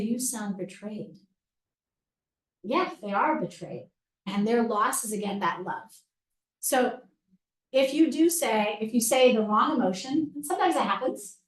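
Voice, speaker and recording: A woman's voice: a little high, recorded from a distance. Woman lecturer in an echoey room. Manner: practical and direct, addresses audience as "you guys". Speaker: crisis negotiator giving a legal training talk. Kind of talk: instructive presentation talk. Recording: roomy echo, voice from off-mic.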